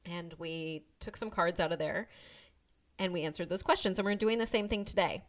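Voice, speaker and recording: A woman's voice: on the low side, moderate pace. A woman co-hosting a movie podcast in casual chat, loose and talkative with lots of filler words. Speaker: podcast co-host.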